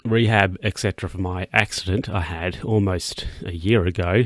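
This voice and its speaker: A man's voice: fairly even intonation, normal speed, few pauses, fairly bright tone, no echo. A young man hosting a casual solo podcast, rambling and self-interrupting as he riffs, yawning now and then. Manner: rambling, self-interrupting, chuckling, voices his own thoughts in a high put-on tone. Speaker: podcast host.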